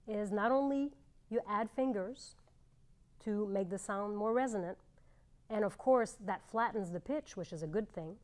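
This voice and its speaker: A middle-aged woman teaching clarinet, explaining fingerings in a clear, measured way with pauses. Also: mid-range voice, darkish tone. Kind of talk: instructional demonstration.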